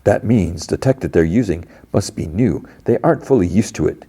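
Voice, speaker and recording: A man doing a calm, polite tech mogul. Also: sits low, slightly rough, exaggerated voice. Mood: calm helpful. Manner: measured, courteous.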